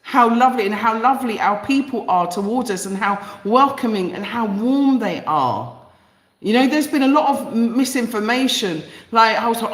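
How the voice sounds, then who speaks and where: Speaking on the high side with an expressive delivery, this woman from East London moves at a moderate pace, her sound roomy. She hosts a live stream in a London accent, working through viewer comments, greeting chatters, and repeating phrases emphatically and passionately.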